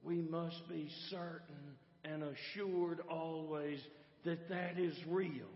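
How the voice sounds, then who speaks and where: A male pastor delivers a sermon in measured, repetitive storytelling. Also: a little high, steady tone. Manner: slow, measured storytelling with repeated words. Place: church sanctuary. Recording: echoey church hall, dull lo-fi sound.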